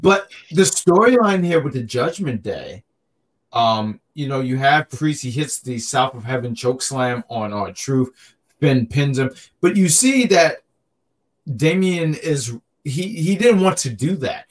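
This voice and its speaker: A man's voice: medium pitch, animated, unhurried. A man co-hosting a podcast, chatting casually and animatedly, joking and often repeating himself. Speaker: podcast co-host. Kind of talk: casual wrestling chat.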